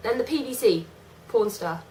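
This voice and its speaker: A woman's voice: fairly high pitch, lively intonation, moderate pace, background noise. A young woman from England co-hosting a casual chat about a wrestling show, chatty and mocking, with frequent giggles.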